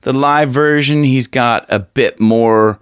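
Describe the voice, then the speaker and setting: A man's voice: mid-range voice, slow, clear, resonant tone, no echo, clean studio sound. A man giving a casual singing lesson, rambling with restarts and now and then demonstrating screamed lines. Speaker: vocal coach.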